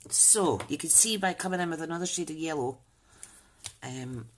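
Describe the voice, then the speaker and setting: A woman's voice: sits low, normal speed, noisy background. A woman hosting a live crafting demo, chatting and thinking aloud as she works and greeting viewers by name. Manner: chatty, rambling, thinks aloud while working. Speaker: crafting channel host.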